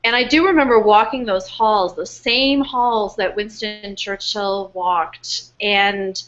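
A woman author telling the story behind her book in an earnest, animated way, full of fillers and restarts, speaking from home over a webcast. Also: medium pitch, takes it slowly, lo-fi sound. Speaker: author being interviewed. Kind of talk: casual storytelling interview. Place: home in New York, remote webcast.

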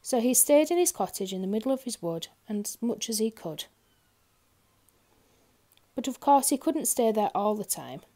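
A woman reading a children's picture book aloud, expressive and talking directly to young listeners. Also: fairly high pitch, normal speed, long pauses. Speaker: storyteller. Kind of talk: children's story read-aloud.

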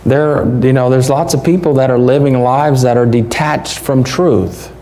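Male pastor, relaxed warm sermon delivery, faint noise in the church recording. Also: medium pitch, a little fast. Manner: conversational, folksy, rhetorical questions.

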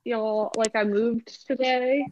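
A woman's voice: fairly high pitch, fairly even intonation, slow, darkish tone, dull audio. A woman hosting a fan podcast, bubbly and chatty with frequent laughter, on a home mic over a remote call. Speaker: podcast host. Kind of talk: casual chat.

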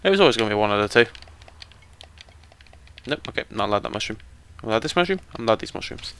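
Male, British, young adult, gameplay commentary, chatty, joking, bright tone. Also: fairly low pitch, animated, fast, clean tone. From Britain. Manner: chatty, joking, talks to the viewers. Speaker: let's play commentator.

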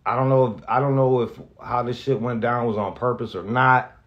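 Through dull audio, a male radio host offers a casual spoken farewell in a steady, mid-range voice at normal speed. Even so, he rambles with lots of swearing, keeps restarting his sentences, and becomes emotional, at moments close to tears.

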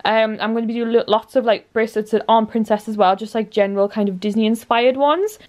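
A woman's voice: on the high side, fairly even intonation, fast, a little mellow. A young woman chatting casually to camera at home in a bubbly way, with lots of fillers. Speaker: vlogger. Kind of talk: casual vlog chat. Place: at home indoors.

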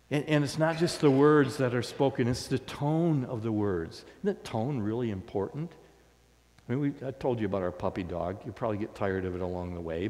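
A man's voice: mid-range voice, a little mellow. Conversational male pastor in a reverberant church. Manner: conversational, storytelling. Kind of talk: sermon. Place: church sanctuary.

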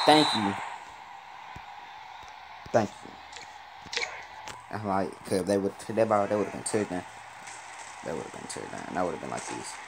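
A young man gives casual play-by-play of a mobile football game, his voice leaping up in excitement and sinking into grumbles. Loud steady noise fills the background of the recording. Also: lowish voice, vocal fry. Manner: excitable, swings from loud outbursts to muttering. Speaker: mobile gaming YouTuber. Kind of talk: casual live gameplay commentary. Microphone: phone.

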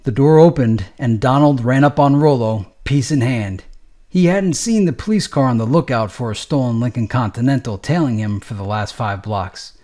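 A man's voice: mid-range voice, moderate pace, a little mellow. A man narrating a gritty street novel in a streetwise, matter-of-fact, profane way. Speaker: audiobook narrator.

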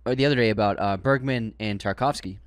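A man's voice: on the low side, fast talker, dry recording, clean studio sound. A man with a Boston accent co-hosting a podcast, casually reading listener comments and laughing often. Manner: animated, laughs often, quotes comments in put-on voices. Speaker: podcast co-host.

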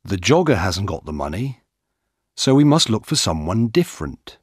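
A stern male police officer from a learner's storybook, read by a man in nearly his own voice. Low and husky, he gives orders slowly and plainly. The recording is dry and close. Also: very animated, no room sound.

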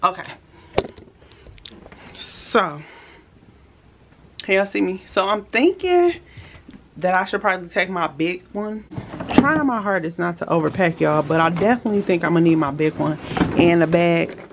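A young woman talks to her camera at home in a relaxed, chatty way, as if catching up with friends. Her voice sits low for a woman, and faint noise hangs behind her. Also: normal speed, long pauses. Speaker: vlogger. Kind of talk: casual vlog chat. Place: home, indoors.

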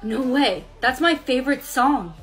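A woman's voice: high voice, expressive, measured pace, shouting. A woman playing the lead in a comedy skit with dramatic, exaggerated delivery. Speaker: main skit character.

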